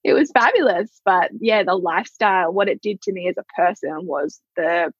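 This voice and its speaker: A woman's voice: fairly low pitch, lively intonation, moderate pace, slightly rough, dry recording, highs cut off. A woman guest, a showgirl dancer, speaking candidly and reflectively about life on tour. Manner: candid, reflective, laughs often. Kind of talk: casual interview chat.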